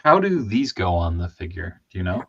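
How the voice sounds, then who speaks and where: A man hosting a casual chat while opening toys, excitable, laughing and swearing as he talks. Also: deep voice, a little fast, vocal fry, highs cut off, background noise. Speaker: podcast host.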